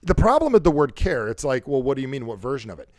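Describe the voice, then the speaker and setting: A man's voice: medium pitch, very animated, fast, darkish tone, no echo, clean studio sound. A man hosting a motivational talk show about sales and conversation, who acts out how people sound on calls. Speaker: show host and sales coach.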